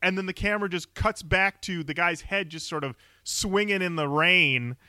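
A man co-hosting a podcast, retelling movie scenes in an animated way and laughing often. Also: high-pitched, normal speed, no room sound, clean studio sound. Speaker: podcast co-host. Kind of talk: casual chat.

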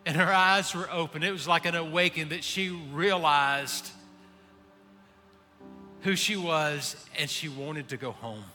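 A man preaching a sermon, swinging between hushed pleading and impassioned calls. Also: on the high side, unhurried. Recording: reverberant hall with faint music. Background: faint music.

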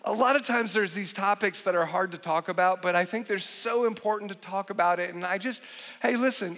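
A man in his forties preaching a sermon as a pastor, animated and joking, with frequent restarts. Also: sits high. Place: large church hall. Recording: long hall reverb.

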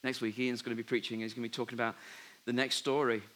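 A man preaching a sermon, telling a Bible story with lively asides and dropping softly when he gives God's words. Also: mid-range voice, fast. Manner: animated storytelling, drops to soft voice for God's words. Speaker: pastor.

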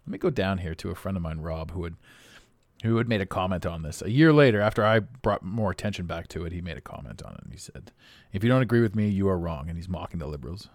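On his own podcast, a man chats casually in a rambling monologue, often laughing and plainly entertained by himself. His voice swings animatedly in pitch. The sound is clean, studio-grade, with no echo.

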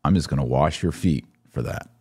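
A middle-aged man hosting a podcast, walking through a series of images with wry, sarcastic commentary and quick put-on voices for the people in them. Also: very deep voice, a little mellow, husky, no room sound, studio quality. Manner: wry, sarcastic, acts out quoted figures. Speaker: podcast host.

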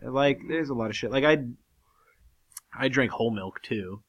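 A man's voice: medium pitch, normal speed, lo-fi sound. A young man co-hosting a podcast, chatting casually and crudely, swearing and laughing often as he rambles. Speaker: podcast co-host.

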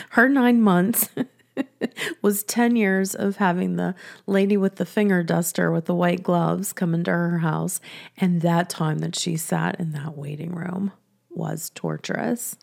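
A woman telling a personal story in a chatty, soft-spoken way, often laughing between sentences. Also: fairly low pitch, fairly even intonation, slow pace, vocal fry. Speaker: business coach and podcast host.

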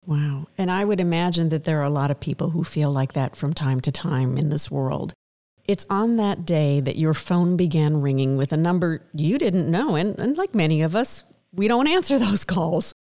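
Woman host, gentle questions, low voice, mellow tone. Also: normal speed. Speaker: interviewer. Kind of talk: interview.

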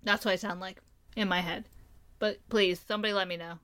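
A woman's voice: mid-range voice, fairly even intonation, a little fast, a bit bright. A young woman from Maryland co-hosting a podcast, rambling and giggling through casual questions. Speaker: podcast co-host.

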